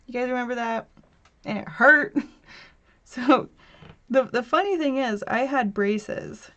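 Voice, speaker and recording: Her voice is on the higher side and a bit bright, and she keeps a measured pace. She's in her thirties, hosting a casual home craft stream where she laughs, chats, and reads viewer comments aloud over dull, low-fidelity audio.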